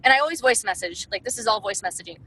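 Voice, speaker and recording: A woman's voice: medium pitch, lively intonation, racing, sharp tone, slightly rough, no room sound, poor audio. A woman talking casually about her sales methods, chatty and full of "like" and "um". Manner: chatty, heavy use of "like" and "um". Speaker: direct sales distributor. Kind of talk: casual sales-tips talk.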